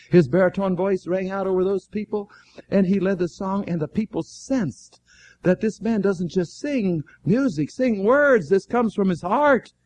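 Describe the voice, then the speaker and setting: High-voiced preacher telling a story. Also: male voice. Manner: animated storyteller who acts out dialogue; fervent exclamations. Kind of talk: storytelling sermon.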